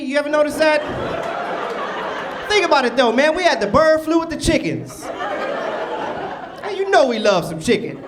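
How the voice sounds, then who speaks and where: A man performing a stand-up comedy set in a club, loud and animated with the crowd. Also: very high-pitched. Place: comedy club stage before a live audience. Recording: noisy club recording with crowd. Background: audience laughter and cheering.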